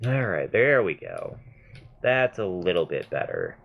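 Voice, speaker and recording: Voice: low voice, big pitch swings, a little slow, creaky, highs cut off. A gamer in their mid twenties giving chatty, self-mocking gameplay commentary and swearing freely. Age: mid 20s. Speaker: gaming video host.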